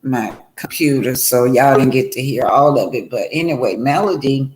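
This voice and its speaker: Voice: medium pitch, normal speed, a little mellow, echoey room. A livestream host chatting casually to viewers, often apologizing and calling them y'all. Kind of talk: casual commentary chat.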